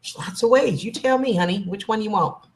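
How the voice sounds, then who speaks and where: A woman's voice: mid-range voice, fairly quick. A woman, chatting casually and affectionately with her livestream viewers and calling them honey. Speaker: livestream host.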